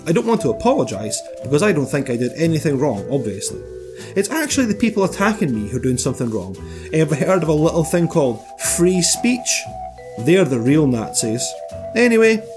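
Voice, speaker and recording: A man playing a smug male scientist writing a defensive letter, in a sarcastic, self-pitying tone of mock complaint. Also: on the high side.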